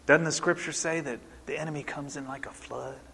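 A man in his forties preaching a sermon, telling a story in an animated way and asking the congregation questions. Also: a little high, a little fast, vocal fry, long reverb tail, a little hiss or hum.

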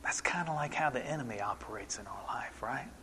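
A man in his forties preaching a sermon, telling a story in an animated way and asking the congregation questions. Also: medium pitch, fairly quick, long reverb tail, a little hiss or hum.

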